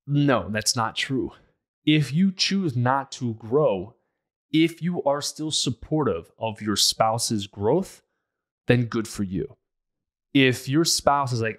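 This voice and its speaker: A man's voice: mid-range voice, expressive, slow. A man hosting a relationship podcast, giving casual advice in a blunt, emphatic, conversational way.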